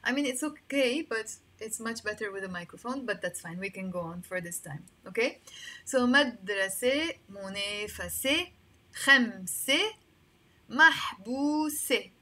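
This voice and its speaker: A woman with a Lebanese accent teaches Arabic vocabulary, saying words slowly, repeating them, then explaining them in English. Her mid-range voice has a fairly bright tone, and she's recorded on a built-in mic rather than a proper microphone.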